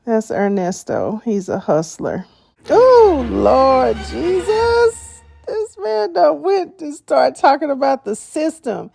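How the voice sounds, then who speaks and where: Slow-talking, animated woman host. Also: high-pitched, creaky, faint music behind. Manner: expressive, exclaiming, laughing often. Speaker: reaction video host. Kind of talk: casual reaction commentary.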